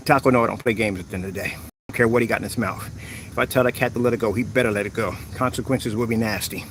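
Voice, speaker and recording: A man talking casually to his viewers from his home, rambling and animated. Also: fairly low pitch, rapid-fire, slight background noise. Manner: talkative, talks softly to a rescued bird. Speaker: vlogger. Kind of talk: casual vlog talk to camera. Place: at home, indoors.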